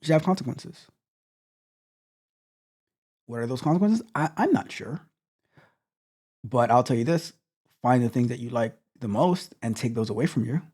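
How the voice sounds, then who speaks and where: Tech coach guy, blunt and repetitive, dark mellow voice, stumbles over restarts. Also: medium pitch, expressive, normal speed, breathy edge. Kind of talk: motivational talk to stream viewers.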